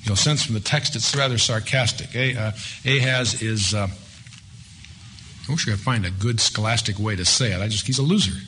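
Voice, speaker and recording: A man's voice: lowish voice, moderate pace, pushed and bright, slight background noise. A man leading an evening Bible study in a conversational way, reading scripture aloud with rising emphasis. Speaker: Bible teacher.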